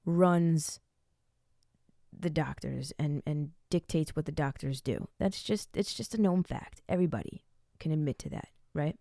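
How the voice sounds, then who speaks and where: A woman's voice: low-pitched, gravelly, a little mellow, dry recording, studio quality. A woman in her late twenties telling a personal story in a frank, rambling way, swearing freely. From United States. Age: late 20s. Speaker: vlogger. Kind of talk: candid casual storytelling.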